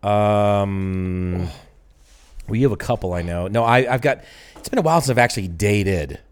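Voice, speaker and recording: A man's voice: fairly low pitch, moderate pace, smooth. A man co-hosting a podcast, reacting to stories with short teasing remarks and muttered asides. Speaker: podcast co-host. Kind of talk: casual chat.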